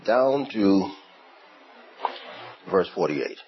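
Male preacher, lively pitch, unhurried delivery, dull lo-fi recording with faint room ambience. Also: slight background noise. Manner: slow, animated storytelling with repeated words. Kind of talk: sermon.

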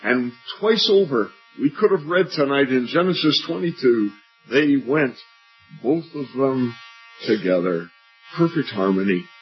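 An older man preaches an earnest evangelistic sermon at a meeting. His voice climbs high when he asks questions and sinks low and quiet on the key lines. The recording is dull and lo-fi, with faint music underneath. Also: expressive, unhurried. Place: church meeting.

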